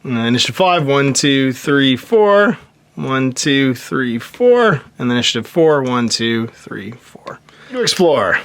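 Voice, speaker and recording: A man's voice: mid-range voice, lively intonation, unhurried, fairly bright tone, smooth. A man casually narrating his own board game session, counting moves aloud and chuckling to himself. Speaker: host playing a solo board game.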